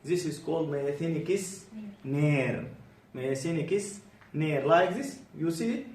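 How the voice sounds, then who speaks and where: A man's voice: a little high, measured pace. Man drilling medical students. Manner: animated, drilling students with repeated questions. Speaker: medical exam tutor. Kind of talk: bedside clinical teaching. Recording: roomy, distant, faint background hum.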